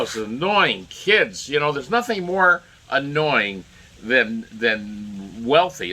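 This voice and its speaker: A political commentator delivers opinionated solo commentary in a bright, forceful, medium-pitched voice. Growing indignant, he rambles, circles back, and piles up fillers and restarts.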